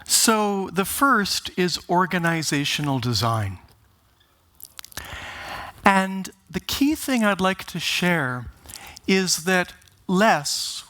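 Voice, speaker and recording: A man giving a conference talk, speaking deliberately and with emphasis, opening with wry jokes. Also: a little high, pushed and bright. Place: conference stage.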